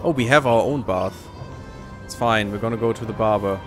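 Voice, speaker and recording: A man's voice: fairly low pitch, moderate pace, music in the background. A man hosting a let's play, giving casual sarcastic commentary while he plays and swears freely.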